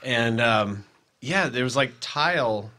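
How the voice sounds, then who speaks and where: Bright-voiced man telling stories. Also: medium pitch, takes it slowly. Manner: laughing, animated storytelling with acted-out quotes. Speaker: podcast co-host. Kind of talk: casual chat.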